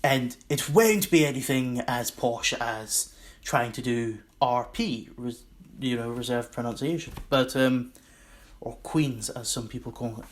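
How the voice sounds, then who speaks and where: Slow-talking Scottish man hosting a podcast. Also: medium pitch. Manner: rambling, self-mocking, swears. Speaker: podcast host. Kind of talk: casual solo podcast monologue.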